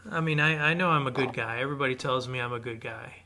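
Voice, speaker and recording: A man's voice: mid-range voice, quick pace, pushed and bright. A man co-hosting an advice podcast, talking hesitantly and with self-doubt in casual chat. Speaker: podcast co-host.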